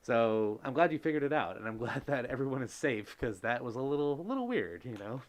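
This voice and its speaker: A man's voice: mid-range voice, big pitch swings, fairly quick. A man hosting a casual live stream, reading chat comments aloud and reacting in an effusive, gushing way. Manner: gushing, effusive, exclaims often.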